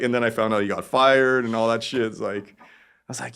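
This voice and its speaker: A man, an artist guest, telling a story in casual, rambling talk, cursing freely and getting animated. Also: fairly low pitch, normal speed, vocal fry, clean tone.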